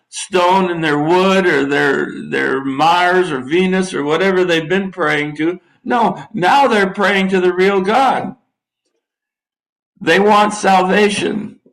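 An older man preaches in an unhurried drawl, his voice sitting a little high for a man. He reads scripture, then breaks off into folksy, wry asides to his listeners. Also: a bit bright, rough recording. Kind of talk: sermon.

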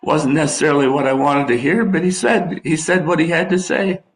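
A man's voice: on the high side, steady tone, fairly quick, poor audio. An older man preaching a sermon, reading scripture and breaking off into folksy, wry asides to his listeners. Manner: folksy, drawling Bible teaching with asides.

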